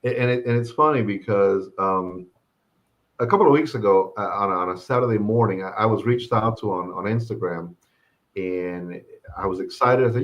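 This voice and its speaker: A man's voice: lowish voice, moderate pace, muffled recording. A man co-hosting a podcast, telling a story in casual chat and acting out the quoted lines. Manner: animated storyteller who acts out quoted dialogue. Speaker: podcast co-host.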